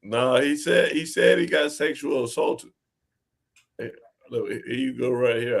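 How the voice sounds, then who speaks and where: A man with a gravelly mid-pitched voice cuts in pushily on a podcast. He speaks in short interjections. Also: a little slow.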